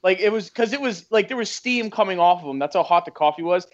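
A high-voiced man tells anecdotes with animation on a casual podcast. The sound is a bit dull and lo-fi. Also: lively intonation, quick pace. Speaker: podcast co-host. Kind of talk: casual chat.

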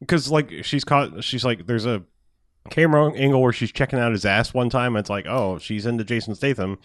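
A man's voice: mid-range voice, fairly quick, no echo, clean studio sound. A man casually recapping a movie plot in a rambling, profane way, laughing often.

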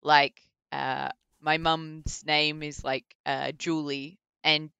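Bright, crisp-voiced Australian woman, chatty. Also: sits low, little pitch movement, slow, no room sound. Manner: chatty, full of likes and ums, laughs often. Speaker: voice actor guest. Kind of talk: casual interview chat.

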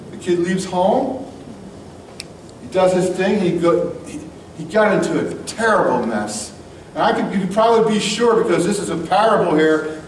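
High-voiced man preaching bluntly in echoey church. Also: slight background noise. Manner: blunt, casual, emphatic preaching. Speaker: pastor. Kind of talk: sermon. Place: church hall. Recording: echoey room, mic at a distance, faint music.

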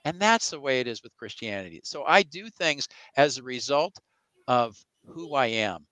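A man's voice: mid-range voice, animated, normal speed, pushed and bright, no room sound, rough recording. A man in an interview who explains his faith through long anecdotes. He acts out the quoted voices in his stories. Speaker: evangelical Christian guest. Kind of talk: conversational interview.

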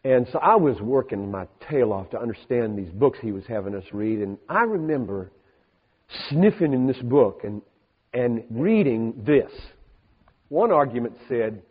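A man's voice: medium pitch, very animated, a little slow, slightly rough. Older male pastor preaching in a reverberant hall. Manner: emphatic, shifting from soft asides to rising, preaching peaks. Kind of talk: sermon. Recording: hall reverb on a thin, phone-like band.

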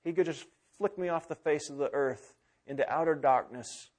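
Pastor, male, fairly high voice; impassioned sermon delivery, loud to hushed. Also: moderate pace. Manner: impassioned preaching, swinging from loud urgency to hushed intimacy. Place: church sanctuary with congregation.

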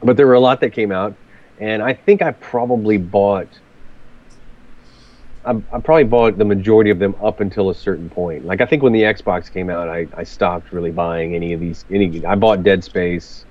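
A man's voice: deep voice, moderate pace, highs cut off. A man chatting casually about games, often repeating words as he starts sentences. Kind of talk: casual chat.

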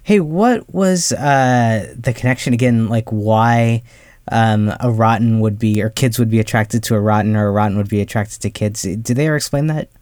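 Lower-voiced man rambling on a podcast. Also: normal speed, a little mellow, clean tone, no room sound, clean studio sound. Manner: rambling, heavy on fillers like "like" and "uh". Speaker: podcast co-host. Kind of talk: casual film discussion podcast.

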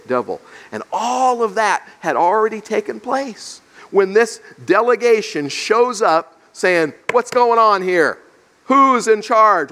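A man's voice: fairly high pitch, a bit bright. A male pastor giving an expository sermon, explaining scripture verse by verse and acting out the questions of its characters. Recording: long reverb of a large hall.

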